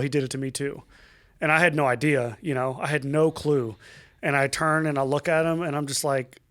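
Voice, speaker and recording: A young adult man appears as a podcast guest, telling a painful personal story. He speaks haltingly and emotionally, with many fillers, restarts and swearing, in a voice on the high side.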